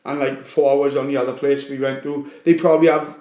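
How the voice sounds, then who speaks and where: A man's voice: mid-range voice, little pitch movement, fairly quick, a little mellow. A man with a Swansea Welsh accent, a fighter guest on a podcast, telling stories in casual chat, swearing often and laughing as he talks. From Wales. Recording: echoey room.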